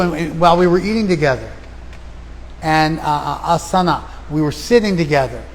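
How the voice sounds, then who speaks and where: A man giving a spiritual lecture. He recites verses slowly and then explains them in plain, conversational talk. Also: a little high, animated, big-room sound, low-quality recording. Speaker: lecturer on scripture. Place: outdoor festival.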